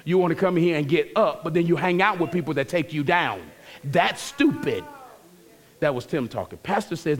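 High-voiced man preaching a lively sermon. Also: normal speed. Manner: preaching with dramatic quoted voices, playful asides. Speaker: pastor.

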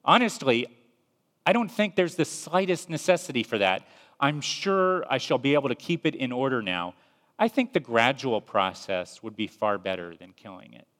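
A man's voice: expressive, normal speed, fairly bright tone, close to an everyday voice. A man voicing a fussy, nervous male ghost who pleads and makes excuses. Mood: flustered pleading. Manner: nervous, apologetic, higher-pitched. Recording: long reverb.

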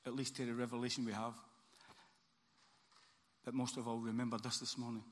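A man's voice: mid-range voice, flat delivery, brisk. A man preaching a sermon as pastor, earnest, with a repeating emphatic cadence. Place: church hall. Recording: church hall reverb, faint ambience.

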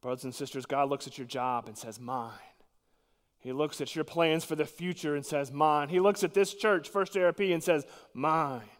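Earnest preacher in a reverberant church. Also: male voice, a little high, brisk, few pauses. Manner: earnest, emphatic preaching with sudden drops to quiet. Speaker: pastor. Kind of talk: sermon.

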